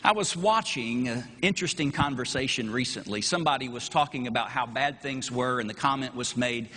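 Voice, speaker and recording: A man's voice: mid-range voice, a little fast, hardly any pauses, sharp tone. A middle-aged Texan man preaching a sermon from the pulpit, rhetorical and emphatic, his voice rising and falling for emphasis. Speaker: pastor. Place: chapel. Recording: long hall reverb in a chapel.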